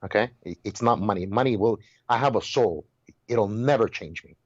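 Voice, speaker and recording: A man with a lowish voice at normal speed, recorded without room sound and with the highs cut off, is a guest in a heated casual conversation. He tells stories emphatically, exclaims, and keeps repeating and restarting his words.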